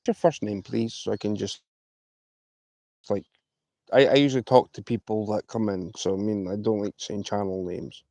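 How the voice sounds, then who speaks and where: A man's voice: fairly low pitch, fairly even intonation, normal speed, mellow, no echo. A man from Scotland chatting casually to live-stream viewers while fishing outdoors by the water, rambling and friendly. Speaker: fishing livestreamer.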